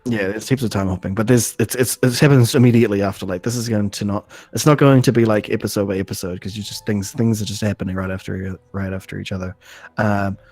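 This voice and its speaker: A man recapping an episode on a casual podcast, halting, full of ums and restarts, laughing often. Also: on the low side, steady tone, darkish tone, no echo. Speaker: podcast host.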